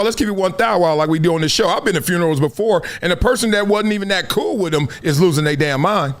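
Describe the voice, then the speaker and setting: Middle-aged guy running a live sports talk stream, high voice, slangy and fired up. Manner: animated, preachy, slangy. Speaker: show host.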